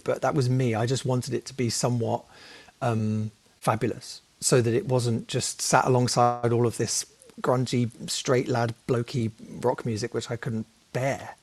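A man speaking in a casual chat, animated and opinionated. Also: mid-range voice, normal speed, dry recording.

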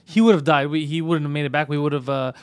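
Fast-talking, slightly high-voiced male podcast host. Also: clear, resonant tone, no echo. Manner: animated, profane, rapid storytelling. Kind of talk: casual podcast storytelling.

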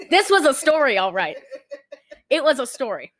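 A woman's voice: high voice, sing-song, unhurried, a bit bright, no echo, clean studio sound. A woman hosting a podcast in casual chat, giggling often and rambling with lots of fillers. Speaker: podcast host.

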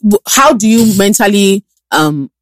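A woman's voice: medium pitch, animated, a little slow, no room sound. A woman, asking thoughtful, somewhat hesitant questions in a casual chat. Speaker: podcast co-host.

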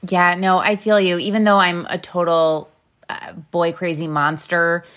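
A woman in her late thirties hosts a casual podcast interview. Her voice sits a little low, and she gushes with enthusiasm. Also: little pitch movement, unhurried, fairly bright tone. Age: late 30s. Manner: enthusiastic, gushing. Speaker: podcast host.

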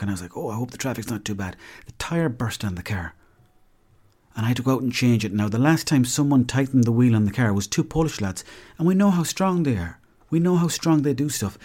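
Fast-talking Irish man hosting a podcast. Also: mid-range voice, a little mellow. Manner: rambling, chatty storytelling. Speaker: podcast host. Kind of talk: casual comedic monologue.

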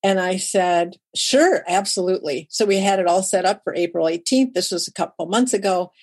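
A woman, a writer and public speaker, talks as an interview guest. She tells her stories in a lively way and jumps up in pitch to act out what other people said. Her voice sits at an ordinary middle pitch. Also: brisk. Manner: lively storyteller who acts out quoted dialogue. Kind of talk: conversational interview storytelling.

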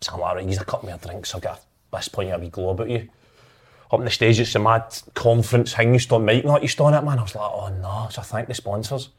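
A Scottish man tells football stories in a relaxed chat. He is lively and acts out the other people in his tales. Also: on the low side, fast talker, slightly rough. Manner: animated, acts out quotes, laughs while telling. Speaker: former footballer guest. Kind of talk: casual storytelling chat.

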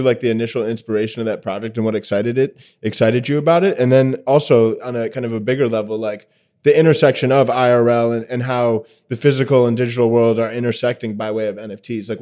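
Host guy asking long rambly questions, mellow dark voice. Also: mid-range voice. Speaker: podcast host. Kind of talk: interview questions.

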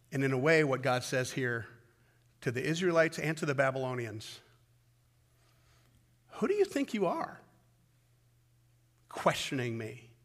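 A man preaching a sermon as pastor, swinging from loud emphatic peaks down to low, intimate pleading. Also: long reverb tail. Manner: impassioned, rising to loud peaks then dropping low and intimate.

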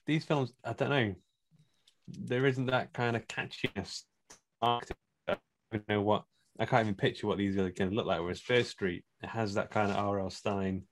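A man's voice: fairly low pitch, steady tone, normal speed. A man co-hosting a casual podcast chat, musing and hesitant. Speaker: podcast co-host.

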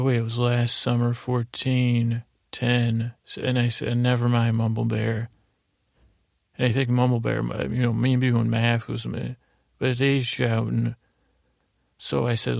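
A man improvising a rambling bedtime story as a sleep podcast host, halting with many restarts and fillers. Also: mid-range voice, vocal fry, no room sound, studio quality.

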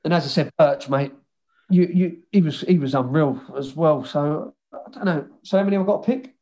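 A man's voice: on the high side, brisk. A man, a former footballer, telling stories in a loose, swearing, banter-filled chat as a guest. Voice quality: swears freely, lively banter. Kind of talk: casual storytelling chat.

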